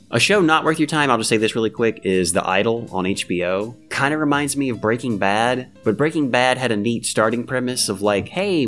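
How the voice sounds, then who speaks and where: A young man hosting a podcast, chatting casually about a TV show and jumping into high squeaky voices when he quotes people. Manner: animated, jumps into high-pitched voices when quoting people. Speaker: podcast host. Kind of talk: casual chat recapping a TV show.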